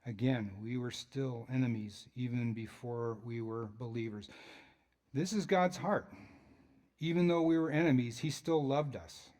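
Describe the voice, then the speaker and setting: A man's voice: medium pitch, a little slow, a little mellow. Guy pastor preaching in church, chatty and loose, cracks little jokes. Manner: conversational, with joking asides. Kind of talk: sermon.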